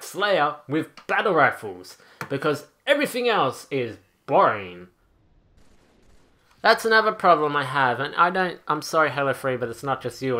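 A man's voice: on the high side, bright, forceful tone. A man ranting angrily over gameplay, profane and exasperated, as a gaming channel host. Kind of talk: angry gameplay rant.

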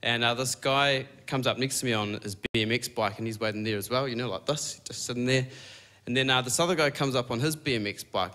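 A young man with a New Zealand accent doing a stand-up comedy set, deadpan and halting, with many fillers. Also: medium pitch. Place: comedy stage before a laughing audience. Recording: clear audience noise behind.

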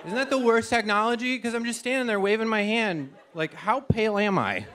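On a TV studio stage before a live audience, a man with a high, animated voice talks fairly quickly through a self-mocking stand-up set, acting out silly voices. Audience laughter and studio noise fill the background.

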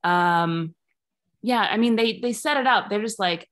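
Deadpan rambling woman comic in her thirties. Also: a little high, a little slow. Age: 30s. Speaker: stand-up comedian. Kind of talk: stand-up set over Zoom.

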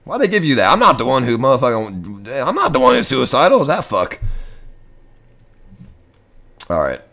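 A young man live-streaming in casual, profane chat, talking to himself excitably. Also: medium pitch, quick pace, gravelly.

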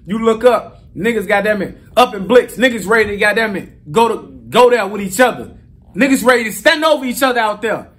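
A man's voice: sits high, lively intonation, fairly quick, a bit bright. A man telling a swaggering street story as an interview guest, acting out other voices and sound effects. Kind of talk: casual storytelling.

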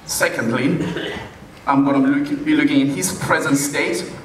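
Brief: man pastor preaching slowly and playfully in a big echoey church hall, heard from a distance. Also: fairly high pitch, fairly even intonation, slight background noise. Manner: deliberate, playful, chuckles while preaching. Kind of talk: sermon. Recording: very echoey hall, mic far off.

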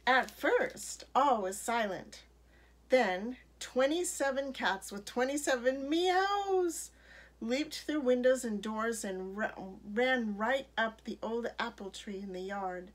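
Slow, expressive woman reading a storybook. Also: a little high. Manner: expressive, slow read-aloud. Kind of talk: reading a picture book aloud.

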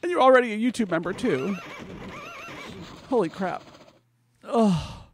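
A man streaming a game, chatting casually and gushing emotionally over his viewers, with halting restarts when earnest. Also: high voice, lively intonation, slight background noise.

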